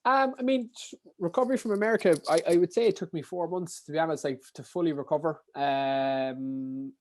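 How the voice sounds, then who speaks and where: Fast-talking Kerry Irishman telling stories. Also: fairly high pitch, dry recording. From Dingle, County Kerry, Ireland. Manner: rapid, rambling, frequent restarts and fillers. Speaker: podcast guest, ultra runner. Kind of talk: casual anecdotal storytelling.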